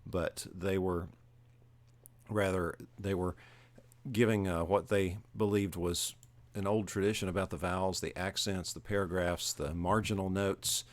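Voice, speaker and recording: A man teaching a livestream lecture, explaining step by step in a measured way with frequent filler pauses. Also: low voice, fairly even intonation, no echo.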